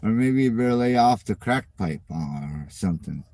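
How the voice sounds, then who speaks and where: A man's voice: fairly low pitch, expressive, normal speed, warm tone, dry recording. Profane, mocking middle-aged man ranting. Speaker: channel host. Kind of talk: casual rant at viewer comments.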